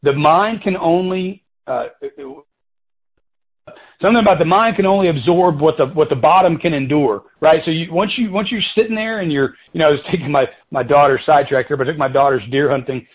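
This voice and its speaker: A man's voice: on the high side, fairly quick. A man leading a coaching talk for his sales team on a conference call, casual and conversational, often calling them "guys" and wandering into side stories. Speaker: sales team leader and mentor. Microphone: telephone. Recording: tinny phone-line conference call.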